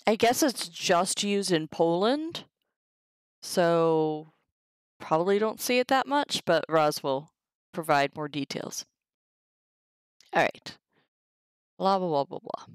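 A woman reading through a Latin textbook on a live stream, sounding out the Latin slowly and chatting casually to viewers between sentences. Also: lowish voice, big pitch swings, clean tone, no echo, low-quality recording. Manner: reads Latin aloud slowly, chatty asides. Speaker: streamer teaching herself Latin.

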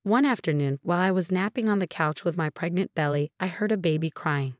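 Woman, story narrator, matter-of-fact, somewhat low voice, dry close sound. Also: brisk, dry recording. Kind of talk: scripted first-person story narration.

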